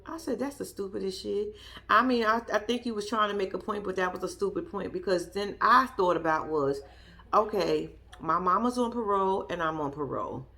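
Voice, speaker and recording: A woman's voice: mid-range voice, a little fast, sharp tone. Fired-up woman ranting about a show. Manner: blunt, profane, sassy, argues at the people she discusses. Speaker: show reviewer. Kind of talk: heated reaction commentary.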